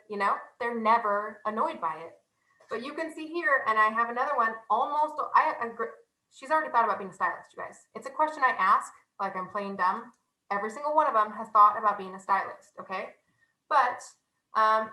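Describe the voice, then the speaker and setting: A young woman giving a casual, animated sales training talk, chatty and self-deprecating. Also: a little high, fairly quick, roomy sound, low-quality recording.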